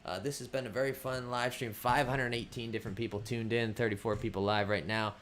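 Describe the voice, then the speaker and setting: A man from the Boston area hosting a casual livestream, relaxed, with many fillers, reading viewer questions aloud and answering them. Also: mid-range voice, fairly quick, a little hiss or hum. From Boston area, United States. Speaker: livestream host.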